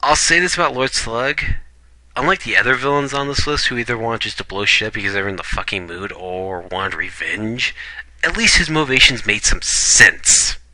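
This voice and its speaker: A man's voice: on the low side, sharp tone, dry recording, poor audio. A man giving a blunt, opinionated ranking review in casual talk, swearing now and then. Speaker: video reviewer.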